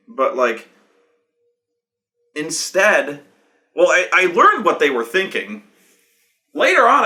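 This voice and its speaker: A man spins a story about a game he ran, his bright, ringing voice swooping up and down as he goes. He swears freely and keeps restarting sentences, with the loose pacing of an unscripted anecdote. The slightly high pitch adds to the excited feel. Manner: animated, profane, rambling with many restarts. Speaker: game master telling a table story.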